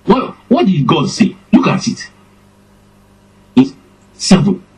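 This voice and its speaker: A man preaching a sermon, slow and emphatic, his voice swinging up and down for effect. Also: high-pitched, very animated, a little mellow, slightly rough, rough recording.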